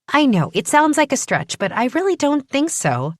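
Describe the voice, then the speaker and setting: A woman voicing an excitable, earnest young female rookie cop in an audiobook, her voice lifting high with eagerness. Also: normal speed, no echo, studio quality. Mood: eager. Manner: bubbly, rising and earnest. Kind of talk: audiobook character voice.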